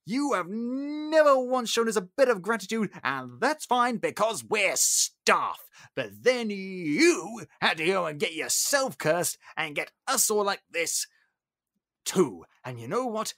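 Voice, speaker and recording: A man voicing a stuffy male clock servant who finally scolds his master, in a shrill, scolding outburst. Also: big pitch swings, slow pace, a bit bright, full character voice. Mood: indignant.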